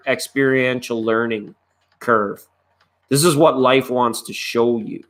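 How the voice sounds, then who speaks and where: This man hosts a live online tarot reading, chatting in a relaxed, meandering way and greeting viewers by name. His voice is medium in pitch and slightly bright.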